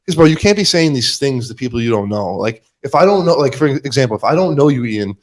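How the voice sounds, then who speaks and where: A young man hosting a podcast, telling a story with animated energy and loudly acting out what was said. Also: mid-range voice, quick pace. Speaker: podcast host. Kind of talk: casual chat.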